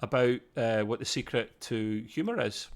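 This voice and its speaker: A man's voice: mid-range voice, normal speed. A man co-hosting a TV review, chatty and self-deprecating with jokes. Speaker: co-host reviewing a TV episode. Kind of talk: casual chat.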